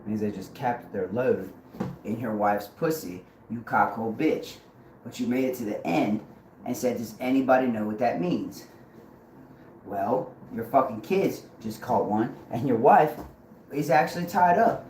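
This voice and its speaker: A man talks on a livestream in a roomy space with a clear hum of noise behind him. He chants strings of nonsense words in a rhythm, then turns to profane, confrontational ranting at his audience. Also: medium pitch, a little slow, a little mellow. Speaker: livestream host. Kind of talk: rambling livestream monologue.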